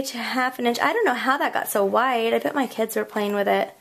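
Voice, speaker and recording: A slightly high, bright voice with vocal fry comes from a woman leading a casual crafting tutorial at home, speaking a little fast. She's chatty and self-deprecating, joking about her mistakes mid-task while kids are heard elsewhere in the house.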